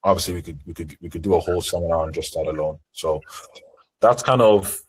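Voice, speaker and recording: A man's voice: low voice, quick pace, slightly rough, poor audio. A man teaching sales in a live seminar, talking in a direct, assertive way. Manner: direct, assertive coaching talk. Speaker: sales trainer. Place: online group call.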